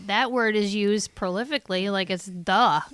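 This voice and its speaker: A woman's voice: medium pitch, normal speed, fairly bright tone, clear, resonant tone, no echo. A middle-aged woman hosting a podcast, chatting frankly and laughing at herself. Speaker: podcast host. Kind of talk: casual chat.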